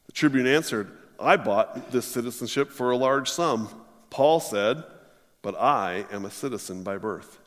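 Man, preacher, sermon with scripture reading, emphatic delivery, mid-pitched voice, long hall reverb.

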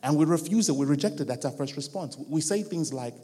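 A man preaching a sermon in a church, his fairly high voice ringing out in a long hall reverb. He builds each point through rhythmic repetition and slips into the voices of the people he quotes. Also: expressive, fairly quick, warm tone, husky. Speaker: guest preacher. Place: church hall with a live band.

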